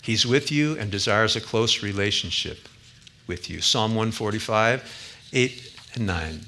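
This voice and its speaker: A man preaching a sermon as a pastor, earnest, rising to emphatic peaks and dropping quiet again. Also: lowish voice, unhurried.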